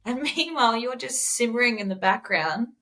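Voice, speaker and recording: A woman's voice: fairly high pitch, normal speed. A woman, a podcast guest who coaches teachers, telling stories frankly and acting out quotes. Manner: frank, animated storytelling, acts out quotes. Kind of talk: casual conversation.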